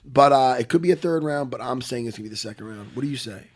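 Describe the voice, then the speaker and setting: A man hosting a casual fight-pick chat, swinging between mumbles and loud outbursts. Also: medium pitch, fast. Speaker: podcast host.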